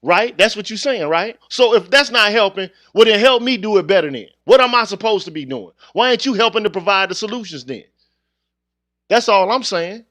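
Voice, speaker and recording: A man's voice: high voice, animated, fairly quick, sharp tone, no echo. A man hosting his own channel, ranting bluntly in street slang, heated and confrontational in a casual monologue to viewers. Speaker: channel host.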